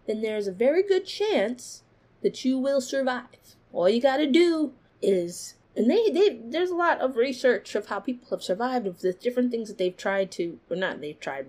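A woman hosts her own podcast in an easygoing, chatty way. Her voice sits fairly high and swoops widely, often shooting up into excited exclaiming bursts. She laughs often as she talks. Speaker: podcast host. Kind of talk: casual solo podcast talk.

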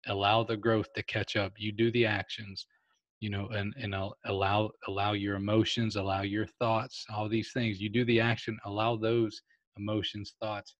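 A man's voice: lowish voice, little pitch movement, moderate pace, no echo, highs cut off. A man hosting a recovery podcast, talking earnestly with many restarts. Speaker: podcast host.

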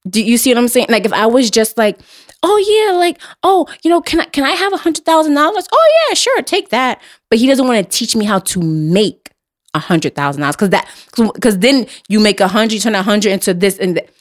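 A young adult woman speaks as a podcast host in an unscripted, blunt way, hammering home her points with repetition and casual profanity. Her voice sits at an ordinary middle pitch, and her delivery stays conversational. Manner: blunt, emphatic, profane, repeats herself. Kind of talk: casual chat.

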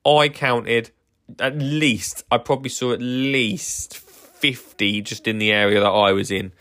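A man's voice: mid-range voice, steady tone, a little slow, fairly bright tone. A man hosting a casual solo podcast, rambling enthusiastically with lots of fillers and restarts. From England. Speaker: podcast host.

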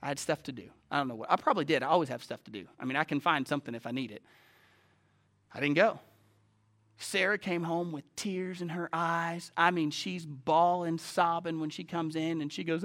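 A man's voice: fairly high pitch, a little fast, pushed and bright. A male pastor preaching a sermon in a church, telling a story in a conversational, self-deprecating way. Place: church sanctuary.

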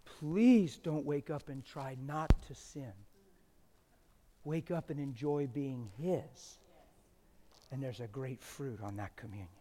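A middle-aged man preaching with wild swings from excited shouting to hushed, intimate talk, breaking into playful laughing asides. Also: medium pitch, slow, big-room sound, a little hiss or hum. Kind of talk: animated sermon.

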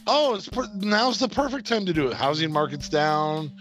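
A man's voice: high voice, sing-song, moderate pace, fairly bright tone, soft background music. A man co-hosting a podcast, casual and hesitant, full of fillers as he thinks aloud. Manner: hesitant, lots of um and like. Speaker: podcast co-host.

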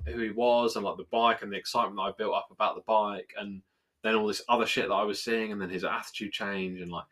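A man on a casual podcast, recounting a run-in with lots of swearing and voiced back-and-forth. His voice is low and husky, with a forceful, tense edge. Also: fast. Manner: animated, swears freely, acts out both sides of arguments. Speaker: podcast co-host. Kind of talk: casual storytelling chat.

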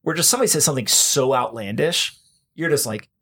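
A man's voice: mid-range voice, animated, bright, forceful tone, breathy edge. A man hosting a podcast, talking casually and emphatically, often tagging his points with "right?" and speeding up in bursts. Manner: emphatic, keeps checking in with "right?"; fast bursts of talk with restarts. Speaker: podcast host. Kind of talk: casual conversation.

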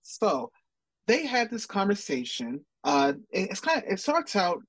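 A man's voice: high voice, wildly swooping pitch, a little slow, gravelly, a bit bright, no echo. A man co-hosting a podcast, recapping a TV episode in casual chat. He rambles and corrects himself, and slips into playful quoted asides. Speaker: podcast co-host.

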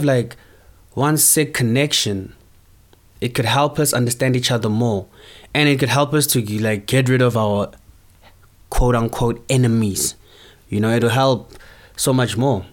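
Young male podcaster from South Africa; loose, slangy, animated monologue. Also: medium pitch. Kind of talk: casual monologue.

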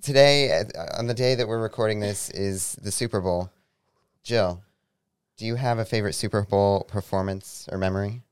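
A young man, a show's producer, chatting casually in a relaxed way. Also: on the low side, normal speed, clean tone, no room sound, clean studio sound. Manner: relaxed, laid-back talk with fillers. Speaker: executive producer. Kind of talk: casual chat.

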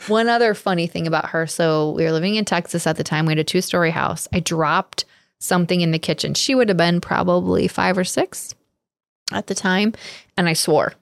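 A chatty woman in her forties trading family stories on a podcast, laughing often. Her voice sits low and has a gravelly texture. The sound is dry and close. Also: dry recording. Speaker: podcast co-host. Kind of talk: casual chat.

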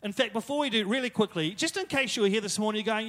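A man's voice: sits high, quick pace, fairly bright tone. A young man preaching a casual, conversational sermon, retelling stories with joking asides.

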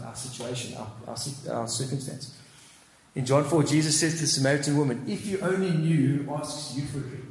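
Earnest preacher, mid-pitched, reverberant church hall, faint background noise. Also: male voice, darkish tone. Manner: earnest, repeats phrases, rises to fervent exclamations. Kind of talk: sermon. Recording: echoey hall with long reverb.

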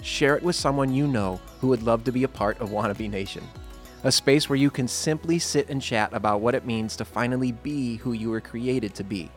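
A man's voice: mid-range voice, a little fast, soft background music. A man co-hosting a casual faith podcast, upbeat and playful, prone to tangents. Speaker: podcast co-host.

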